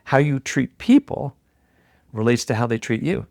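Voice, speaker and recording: A middle-aged man telling a story as a podcast guest, animated and acting out the voices of the people in it. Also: medium pitch, normal speed, creaky, no echo, clean studio sound. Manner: animated storyteller who acts out quoted voices.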